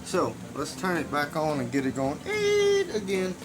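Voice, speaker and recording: A middle-aged man hosting a casual DIY vlog, loud, joking and profane. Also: a little high, normal speed, music in the background. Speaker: channel host, circuit bender.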